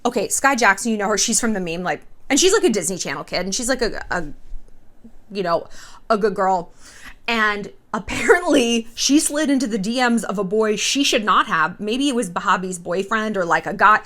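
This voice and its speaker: A woman's voice: mid-range voice, lively intonation, normal speed, fairly bright tone. A woman hosting a vlog, with candid, chatty commentary laced with profanity. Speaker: vlog host. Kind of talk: casual commentary.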